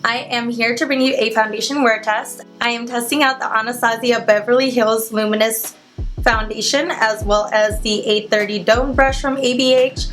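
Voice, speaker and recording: A woman's voice: on the high side, fairly even intonation, normal speed, a bit bright, faint music behind. A young woman with a cold and a congested voice, chatting through a makeup tutorial and explaining each product step by step. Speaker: beauty vlogger. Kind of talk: makeup tutorial talk to camera.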